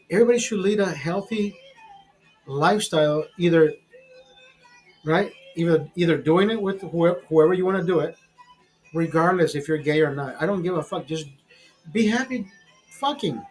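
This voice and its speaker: A show host in his forties rambles bluntly and swears freely during a casual chat over drinks. His voice sits high, and the recording quality is low.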